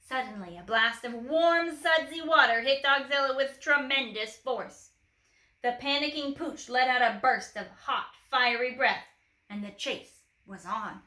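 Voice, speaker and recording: A woman reading a children's picture book aloud, lively with playful asides. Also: high-pitched, a little slow. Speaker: storyteller. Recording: echoey room.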